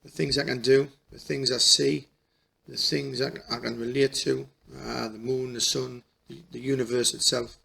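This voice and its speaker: A middle-aged man telling a personal story in a halting, emotional way, restarting his sentences often. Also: medium pitch, little pitch movement, creaky, bright, forceful tone, slightly rough. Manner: halting, repeats and restarts, folksy dialect. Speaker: spiritual healer.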